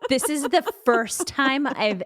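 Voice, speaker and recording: A woman's voice: high voice, lively intonation, slow, fairly bright tone, dry recording, studio quality. A woman in her forties co-hosting a podcast, telling a rambling, self-mocking story full of "like"s in casual chat. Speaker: podcast co-host.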